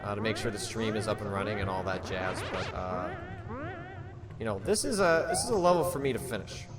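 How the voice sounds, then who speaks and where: A man's voice: lowish voice, animated, fairly quick, over loud music. A man streaming a game, talking casually and nervously to his chat with many fillers and restarts. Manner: hesitant, rambling, nervous.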